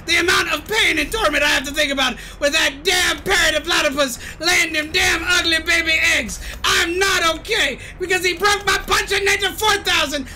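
A woman voicing a grumpy middle-aged male cartoon mad scientist, shouting and ranting over gameplay. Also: very high voice, a little hiss or hum, heavily acted. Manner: shouty, ranting, self-pitying. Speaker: gaming streamer. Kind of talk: gameplay commentary in character.

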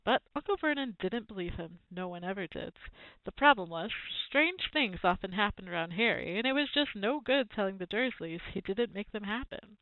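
A woman's voice: mid-range voice, normal speed, dry recording. Woman reading a children's book aloud over a tinny line. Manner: expressive storytelling. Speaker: reader.

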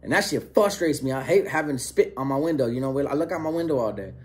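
A man's voice: a little high, animated, quick pace, darkish tone. A man casually telling a story, using street slang and acting out quoted dialogue. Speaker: storyteller recounting prison experience.

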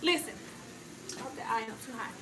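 A cooking vlog host talks with her viewers in a casual, playful way as she prepares food in her home kitchen. She speaks fairly quickly in a high voice, and there's plenty of noise in this home recording.

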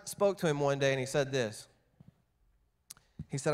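Storytelling pastor, mid-pitched man. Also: measured pace, pauses often, clean tone. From Texas. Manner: storytelling, acts out quoted voices with big swings in loudness. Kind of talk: sermon. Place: church.

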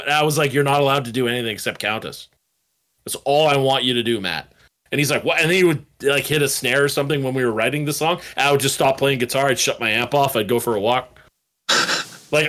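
A man's voice: on the high side, brisk. A man, a band guitarist, telling studio stories in a casual interview, swearing freely and acting out quotes. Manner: animated, swearing storyteller who acts out quotes.

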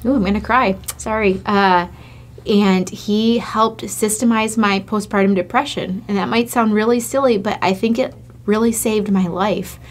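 A woman's voice: medium pitch, fairly even intonation, measured pace. A woman from Michigan, co-hosting a casual chat with her husband, telling a personal story in a candid, heartfelt way. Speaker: co-host, host's wife.

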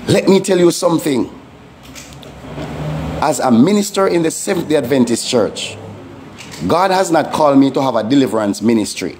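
A man's voice: mid-range voice, animated, moderate pace, long pauses, a little mellow, slight background noise. A man, a pastor, giving a testimony sermon in an earnest, emphatic preaching manner with repeated warnings.

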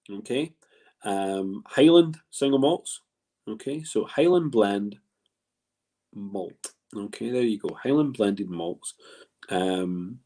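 A man hosts a whisky tasting as a casual spoken presentation, rambling along with plenty of restarts and fillers. His voice is fairly low in pitch and a little mellow.

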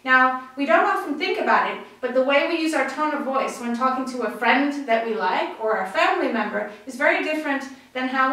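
A woman with a high voice explains dog training in a friendly, upbeat way. She sounds far from the mic, and her voice rings with heavy echo. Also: sharp tone. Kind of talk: instructional video talk. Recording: very echoey, distant mic.

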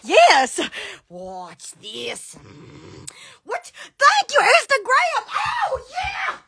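Bright, slow-talking woman hosting a livestream; giggly, rambling, full of exclamations. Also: very high-pitched, wildly swooping pitch, creaky, a little hiss or hum. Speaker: livestream host. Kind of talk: casual Instagram livestream chat.

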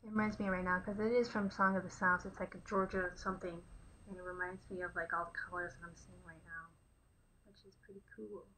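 A woman's voice: lowish voice, level tone, brisk, pushed and bright, a little hiss or hum, low-quality recording. A young woman and artist hosting her own channel, chatting casually while she paints, often dropping to a near whisper.

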